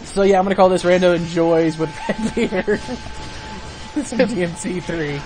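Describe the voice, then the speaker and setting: A man's voice: high voice, normal speed, over music. A man hosting a let's play, chatting casually, laughing often and explaining game mechanics. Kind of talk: casual gameplay commentary.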